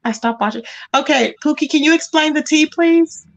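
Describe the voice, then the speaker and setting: A woman's voice: high voice, normal speed, muffled recording. A woman hosting a livestream, chatting casually and animatedly about celebrity gossip, calling people "child". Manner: animated, calls listeners "child". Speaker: livestream host.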